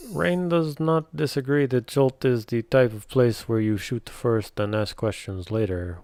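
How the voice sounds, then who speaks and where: Low-voiced man questioning as a game player. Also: darkish tone, dry recording. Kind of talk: casual tabletop game chat. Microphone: computer mic over online voice chat.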